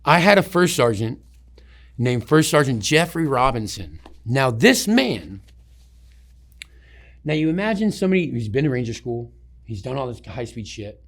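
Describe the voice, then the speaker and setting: A man telling old army stories in an interview, loose and profane, his sentences breaking off and starting again. His voice sits at an ordinary middle pitch for a man. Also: sing-song, normal speed, pauses often, a bit bright. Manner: profane, rambling, many restarts. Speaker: interview subject, army veteran. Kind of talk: casual storytelling.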